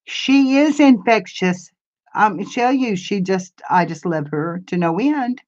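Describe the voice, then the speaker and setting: Speaking slowly with lively intonation, an older woman chats on a live stream for her crafts channel, wandering from topic to topic and replying to viewer comments in a homey style. Her mid-range voice is a little mellow, and the camera mic leaves the sound lo-fi.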